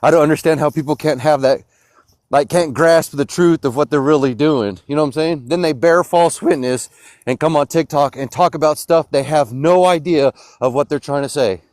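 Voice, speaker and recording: A man preaching insistently in an online debate, his voice sitting fairly high for a man. The sound is close and dry, with no room around him. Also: normal speed, no room sound. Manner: insistent and preachy, rising to loud outbursts. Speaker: Christian caller in a debate. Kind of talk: heated live-stream debate.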